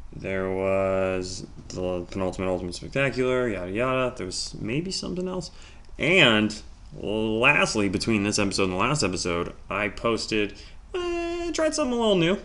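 A man hosts a solo podcast in a loose, rambling monologue. His pitch is lively and bounces around a lot. He drops into quiet mumbles, then breaks into loud, jokey asides. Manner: animated, swings between mumbling and loud. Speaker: podcast host.

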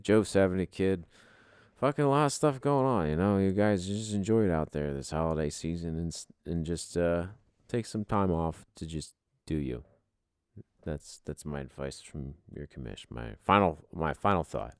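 Brief: very low, gravelly male podcast host, casual and profane, dry close sound. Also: no echo. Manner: laid-back, profane, rambling with fillers. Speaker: podcast host, league commissioner.

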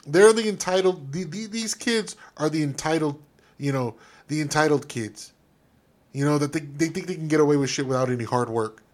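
A man's voice: fairly high pitch, normal speed, a little mellow. A man co-hosting a fan podcast, ranting in a heated, profane, emphatic way. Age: adult. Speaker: podcast co-host.

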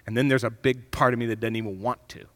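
A man preaching a sermon as pastor, swinging from loud, emphatic bursts down to hushed, reflective passages. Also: medium pitch, fairly even intonation, fast talker. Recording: long hall reverb.

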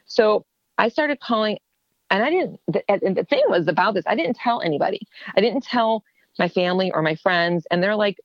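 A woman's voice: lowish voice, normal speed, no room sound, highs cut off. A woman guest telling her personal story in an interview, acting out what people said to her. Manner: animated, acts out quoted dialogue.

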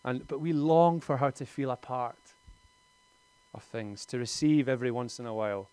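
A man's voice: mid-range voice, normal speed, darkish tone, clear, resonant tone, no echo. A man, preaching a conversational sermon in a lightly humorous tone.

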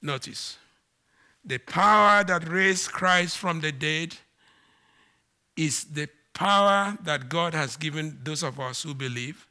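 A man preaching a sermon at a measured, unhurried pace. His slightly raised voice has a very bright, sharp edge. He leans on key words, rising and falling loudly for emphasis. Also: animated. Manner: slow, emphatic preaching with dramatic swings in pitch and volume. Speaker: pastor.

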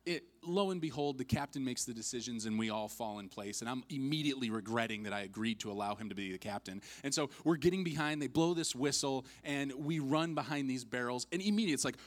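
A man's voice: medium pitch, fast, few pauses. A man preaching a sermon as its pastor, telling a funny personal story with self-mocking humor and acting out what people said.

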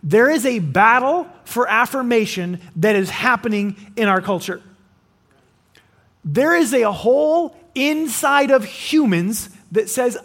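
A man preaching a sermon as pastor, animated, acting out quoted voices and restarting his phrases often. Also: very high-pitched, unhurried.

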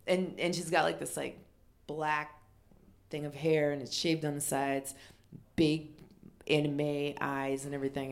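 Animated low-voiced woman telling a story. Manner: animated, acts out quotes with shouted exclamations. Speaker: comedian and storyteller. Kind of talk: comedic storytelling chat.

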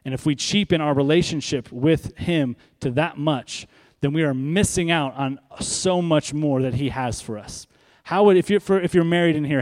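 A man's somewhat high, gently mellow voice echoes through a church sanctuary, the recording carrying long hall reverb as he preaches. This pastor leans on key words, repeating them and slowing his delivery to drive points home.

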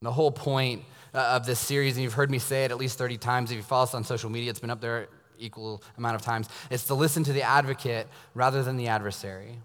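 A man preaching a sermon as a pastor, telling stories and dropping to a hushed, intense tone for emphasis. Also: medium pitch, fairly even intonation, fast, hardly any pauses. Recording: long reverb of a large hall.

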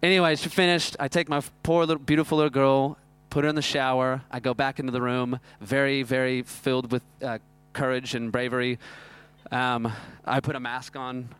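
A man, preaching a sermon that is built around a self-mocking personal story told in an animated way. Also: mid-range voice, a little fast, smooth, soft background music. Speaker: pastor.

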